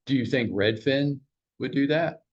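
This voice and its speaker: A man at a mid pitch leads a training huddle for real estate agents. He tells blunt stories with a bit of swearing and keeps throwing questions at the room. The recording sounds dull and lo-fi. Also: measured pace. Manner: storytelling, blunt, mild swearing; fires rhetorical questions at the room.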